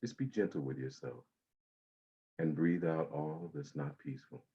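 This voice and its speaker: A man leading a guided breathing meditation, speaking slowly and soothingly with long pauses. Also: very deep voice, expressive, creaky, mellow, breathy edge, dull audio.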